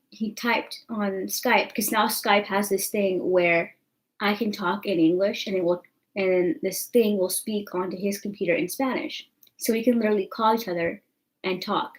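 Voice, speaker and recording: A young woman vlogger tells her camera a story in a mid-range voice with fairly even intonation and a moderate pace. She is chatty and rambling, full of fillers like "you know what I'm saying," and the recording is low quality.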